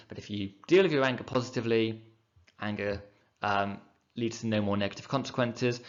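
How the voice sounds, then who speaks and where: A man's voice: fairly low pitch, fairly bright tone, dull audio. A male teacher, patiently explaining poetic meter in a revision lesson and sounding out the rhythms aloud. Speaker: English teacher. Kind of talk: recorded exam revision lesson.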